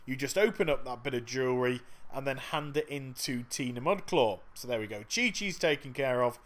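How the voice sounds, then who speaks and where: A man's voice: medium pitch, expressive, brisk. A man giving chatty, sarcastic commentary over a game walkthrough. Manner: chatty and sarcastic, with frequent laughs. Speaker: gaming video host.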